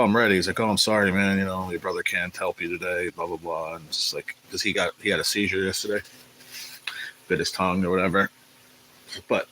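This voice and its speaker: A man hosting a casual live stream, rambling in a laid-back way and greeting viewers by name, sounding tired and low on energy. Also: sharp tone, a little hiss or hum, poor audio. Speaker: livestream host. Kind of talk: casual livestream chat.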